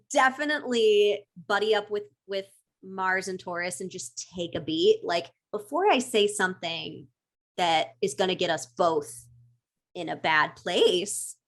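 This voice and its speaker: Animated woman chatting about astrology. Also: mid-range voice, measured pace. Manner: animated, laughs often, acts out little quoted voices. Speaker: astrology podcast guest. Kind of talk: casual chat.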